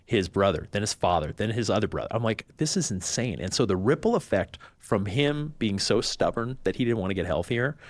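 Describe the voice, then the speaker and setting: A man's voice: lowish voice, a little fast, hardly any pauses, no room sound. A man, a podcast guest, telling a personal story in casual chat and acting out the voices of the people he quotes. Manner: animated, acts out quoted voices.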